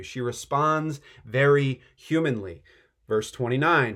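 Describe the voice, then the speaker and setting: A man preaching a sermon in a chatty, animated way, often saying "like" and building up excitement. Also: on the high side, normal speed. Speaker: pastor. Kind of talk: conversational sermon.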